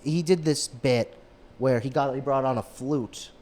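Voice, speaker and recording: A young man, a guest comedian, talking casually on a podcast and rambling through fillers and restarts into animated stories. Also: medium pitch, measured pace. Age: young adult. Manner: animated storyteller who sings impressions.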